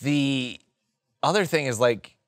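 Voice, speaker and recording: A man's voice: medium pitch, slow pace, no room sound, studio quality. A man hosting a food review podcast in casual chat, rambling with many fillers and laughing often.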